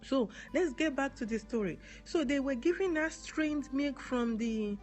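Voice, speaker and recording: A Nigerian woman with a high, darkish voice speaks at a measured pace over soft background music. She's an advocate live-streaming to viewers, earnestly answering comments, repeating key words and spelling some of them out.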